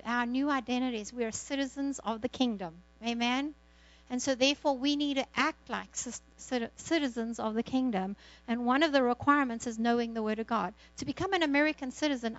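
A woman's voice: on the high side, no room sound, dull audio. A woman pastor exhorting a congregation and praying, fervent, repeating words and saying amen often. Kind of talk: church exhortation and prayer.

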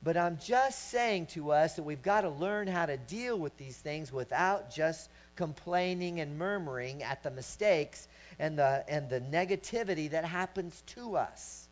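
A man preaching a sermon, telling a personal story and rising to loud shouts as he acts it out. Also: on the high side, expressive, a little slow, few pauses. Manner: storytelling, swelling to shouts when acting out his story. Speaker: pastor. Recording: dull lo-fi recording with mains hum.

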